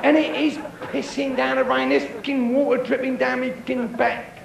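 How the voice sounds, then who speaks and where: Profane stand-up comedian. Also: male voice, extremely high pitch, level tone, normal speed, creaky. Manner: crude, profane joke-telling, banter with the crowd. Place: comedy club stage. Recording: echoey club with crowd and noise.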